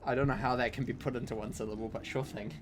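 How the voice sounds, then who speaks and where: A man's voice: medium pitch, fairly even intonation, quick pace, noisy background. A young man with a New Zealand accent, chatting casually and teasing while gaming on a stream. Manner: easygoing, teasing, playful.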